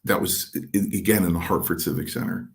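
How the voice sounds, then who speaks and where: Gravelly older man telling wrestling stories. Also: low voice, a little fast. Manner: animated anecdote-telling, voicing others in quotes. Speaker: former pro wrestler, interview guest. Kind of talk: storytelling in an interview.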